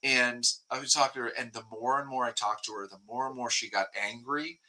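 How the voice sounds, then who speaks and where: A man's voice: medium pitch, steady tone, a little fast, sharp tone, poor audio. A man speaking as a guest reporter in a casual interview, talking in a rambling way with many restarts and fillers.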